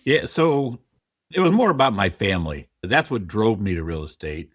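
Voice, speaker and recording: A man's voice: on the low side, moderate pace, breathy edge, no room sound, studio quality. Candid middle-aged man telling his story. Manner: candid, animated storyteller who quotes his own past thoughts. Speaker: podcast guest, real estate investor. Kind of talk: conversational interview storytelling.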